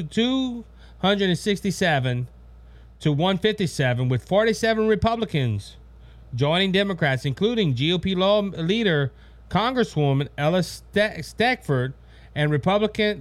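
A man hosting a political commentary show, speaking bluntly and often calling out "ladies and gentlemen," stumbling over words as he reads the news. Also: a little high, dry recording. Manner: blunt, repetitive, addresses audience as "ladies and gentlemen"; stumbling restarts while reading news aloud. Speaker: podcast host.

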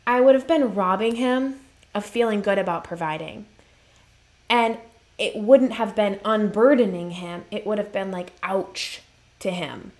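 A woman's voice: fairly high pitch, darkish tone. A woman speaking as a relationship coach in a motivational live-stream talk, earnest and emphatic, repeating her key phrases and reading viewer comments.

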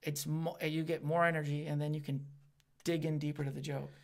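Loud, excitable man in his thirties. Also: a little high, brisk, gravelly. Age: 30s. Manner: loud, excitable, swearing, acts out crowd voices. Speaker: stand-up comedian. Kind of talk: casual podcast chat.

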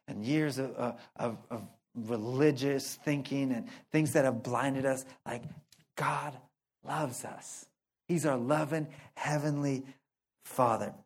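A male pastor giving a sermon in a conversational way, moving between loud emphatic lines and soft, low asides. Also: steady tone, unhurried.

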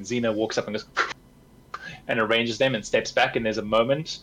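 A man's voice: mid-range voice, steady tone, moderate pace, a bit bright, slight background noise, rough recording. Casual man running a tabletop game. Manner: descriptive, casual, with fillers. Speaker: game master.

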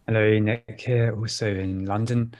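A man co-hosting a podcast, telling measured anecdotes with pauses. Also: lowish voice, level tone, a little mellow, no room sound. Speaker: podcast co-host. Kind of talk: casual podcast chat.

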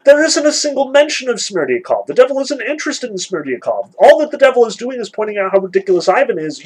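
A man lecturing on a novel, animated, sarcastic and emphatic, reading passages aloud. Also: high-pitched, slightly rough, poor audio. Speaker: literature lecturer.

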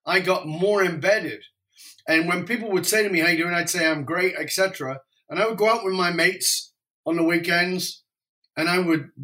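A man telling an emotional personal story, reflective and candid, speeding up and slowing down as he goes. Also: on the high side, pushed and bright. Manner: emotional, reflective, varies pace widely.

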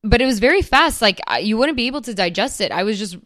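A woman's voice: on the high side, animated, quick pace, a bit bright. A woman co-hosting a podcast in casual chat, rambling with many restarts and fillers. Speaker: podcast co-host.

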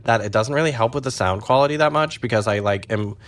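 A young man rambling and swearing in a casual monologue from his parked car, jumping between low mutters and high squeals. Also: fast, a bit bright. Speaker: vlogger.

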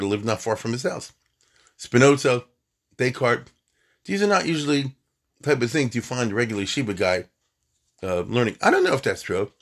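Husky guy lecturing on history, casual, keeps asking the room questions, middle pitch. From United States. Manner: conversational, asks rhetorical questions, uses Yiddish terms.

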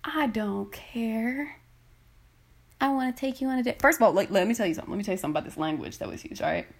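A woman's voice: on the high side, quick pace, creaky. Blunt, profane woman ranting. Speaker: podcast host. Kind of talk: casual rant into a phone. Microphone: phone.

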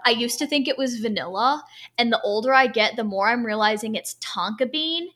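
A woman's voice: on the high side, animated, brisk, pushed and bright. A young woman co-hosting a casual podcast chat, talking with enthusiasm and plenty of fillers. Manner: chatty, enthusiastic, many fillers. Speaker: podcast co-host. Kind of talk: casual chat about perfume.

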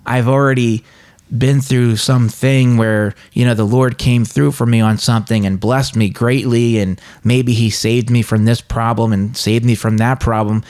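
A man's voice: mid-range voice, fairly even intonation, normal speed, a little mellow. A man co-hosting a casual Bible discussion podcast, talking in an earnest, confessional way. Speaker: podcast co-host.

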